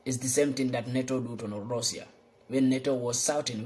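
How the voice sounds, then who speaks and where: A young man giving an impassioned political monologue, fervent and repetitive, swinging between loud outbursts and low muttering. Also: normal speed. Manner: repeats lines for emphasis. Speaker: political vlogger.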